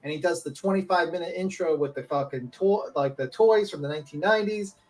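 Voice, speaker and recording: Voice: medium pitch, fairly quick. A speaker in a casual panel chat, talking bluntly and opinionatedly, swearing freely and laughing often.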